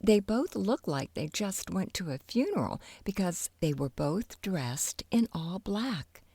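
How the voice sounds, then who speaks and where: A woman narrating a children's audiobook with animated storytelling. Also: medium pitch, unhurried, creaky, breathy edge, dry recording.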